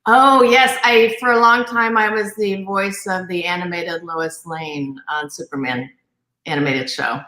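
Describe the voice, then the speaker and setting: A woman guest on a video stream, chatty and quick to laugh. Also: on the low side, fairly even intonation, pushed and bright, roomy sound, rough recording. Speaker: guest actor. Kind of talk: casual chat on a video stream.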